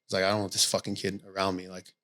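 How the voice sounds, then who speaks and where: A man speaking in a somewhat low register, chatting casually on a podcast. He coaches boxing and tells his stories bluntly, with plenty of swearing. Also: monotone, racing, sharp tone. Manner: candid storytelling with frequent swearing.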